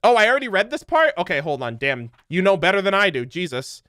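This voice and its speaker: A man's voice: high voice, very animated, fast talker, sharp tone, no room sound, studio quality. A young man streaming, chatting casually in a rambling, joking way, swearing loosely and laughing often. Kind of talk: casual livestream chat.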